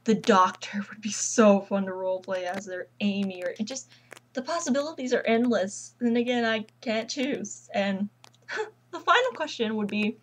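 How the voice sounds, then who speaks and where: A teenage girl vlogging casually at home, rambling and gushing like an excited fangirl. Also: medium pitch, unhurried, a little hiss or hum, rough recording. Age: teens. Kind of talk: casual chat.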